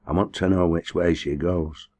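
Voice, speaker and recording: A man voicing a big, quiet tramp who speaks in a hushed, anxious way in a storybook reading. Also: low-pitched, steady tone, moderate pace.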